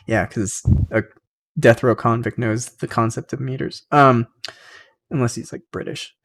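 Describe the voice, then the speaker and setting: A man's voice: medium pitch, fairly even intonation, a little slow, vocal fry, fairly bright tone. A young man hosting a podcast, casually reading aloud and rambling with side comments. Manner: rambling, many fillers, laughs at own asides. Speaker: podcast host.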